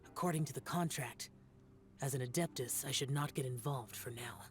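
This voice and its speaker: A woman's voice: a little fast, faint music behind. A woman voicing a brooding ancient male guardian. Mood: solemn. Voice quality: low and gravelly.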